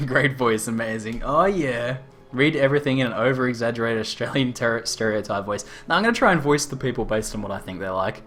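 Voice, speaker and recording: A man's voice: mid-range voice, a little fast, fairly bright tone, soft background music. A man casually commenting on his live gameplay, laid-back and chuckling as he chats with viewers. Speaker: streamer.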